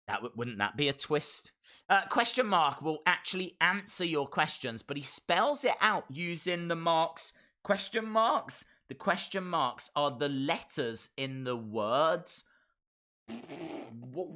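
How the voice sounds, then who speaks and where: A man's voice: on the high side, bright, forceful tone. Chatty British man hosting a live stream. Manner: chatty, laughing, reads out viewer comments. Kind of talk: casual live-stream chat.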